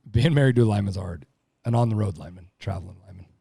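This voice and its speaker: A man's voice: on the low side, racing, creaky, warm tone, husky, no echo, clean studio sound. A middle-aged man talking casually on a podcast, blunt, profane and emphatic. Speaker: podcast guest, lineman.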